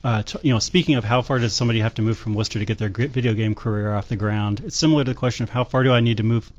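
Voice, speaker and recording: Fast-talking man on a lo-fi podcast. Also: mid-range voice. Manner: fast, rambling, jokey storytelling. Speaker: podcast co-host. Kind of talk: casual local-politics chat. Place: basement studio with a large dog.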